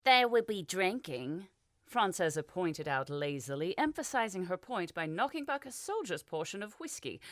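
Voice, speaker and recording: A woman narrating a fantasy audiobook in an expressive storytelling manner. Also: lowish voice, dry recording, clean studio sound.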